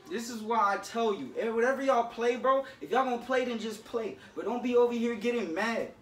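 A man's voice: very high voice, fairly quick, recorded from a distance. A man scolding his younger brother in casual talk, lecturing and swinging between stern and joking. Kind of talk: casual prank video talk. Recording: roomy, from off-mic.

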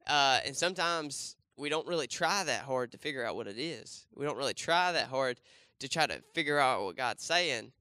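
A man's voice: mid-range voice, lively intonation, moderate pace, hardly any pauses, bright, forceful tone, clean tone, no echo. A young man preaching a casual sermon, talking to the congregation with lots of fillers and restarts and asking them questions. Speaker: pastor. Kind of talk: casual sermon with a volunteer demonstration. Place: church.

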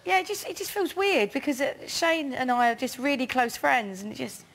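A woman's voice: high-pitched, lively intonation, fairly quick, fairly bright tone. A woman from England, a chat-show guest, talking bluntly and giggling. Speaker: guest actress. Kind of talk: casual chat-show talk.

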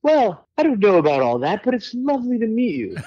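A man's voice: high voice, big pitch swings, fairly quick, mellow, husky, no echo, highs cut off, voice pushed up, exaggerated voice. A man putting on the voice of a gracious, tactful older male rock star, speaking politely with light amusement.

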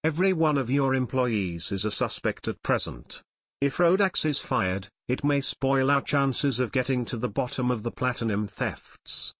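A man's voice: mid-range voice, lively intonation, moderate pace, fairly bright tone, no room sound, studio quality. Frank, a man voicing a level-headed teen detective. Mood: explaining. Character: calm, practical teenage boy detective.

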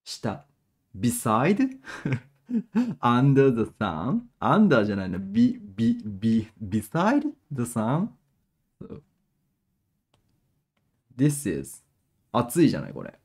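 A young man runs a live-streamed language lesson, switching between English and as he works things out aloud. His pitch swings widely, and his tone is dark and mellow. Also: wildly swooping pitch, takes it slowly, long pauses, breathy edge. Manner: mixes English and Japanese, thinks aloud with restarts. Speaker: Japanese teacher.

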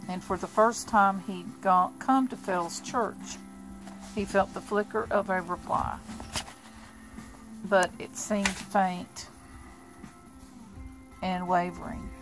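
A woman reading a novel aloud in a plain, steady amateur style with small restarts. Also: medium pitch, takes it slowly, pauses often, over music, poor audio. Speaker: audiobook reader.

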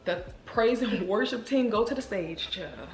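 Woman vlogger, chatty and expressive with her viewers, mid-pitched, recorded in a reverberant room. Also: measured pace. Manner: animated, emotional, addresses viewers as girl and y'all. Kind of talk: casual storytelling to viewers. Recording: roomy echo with faint music.

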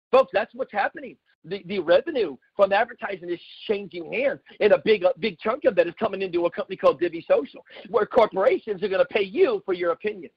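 Man, middle-aged, pitching a money-making plan, high-pitched and husky, dull dry lo-fi sound. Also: animated, fast talker, few pauses, dry recording. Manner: emphatic, repetitive, folksy asides. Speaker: network marketing presenter. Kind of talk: sales pitch talk.

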